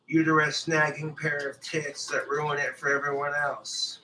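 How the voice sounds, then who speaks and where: A man rants crudely on a livestream, swearing freely as he talks to his viewers. His voice sits a little high and comes out forceful and tense. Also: little pitch movement, a little slow, a little hiss or hum, poor audio. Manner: crude, profane, ranting. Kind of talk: livestream rant.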